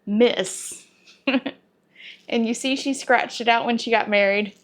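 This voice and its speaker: A woman, chatting to camera as a home cooking vlogger, talkative and sentimental, her voice going soft when she is moved. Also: on the high side, steady tone, slow pace. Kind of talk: casual talk to camera.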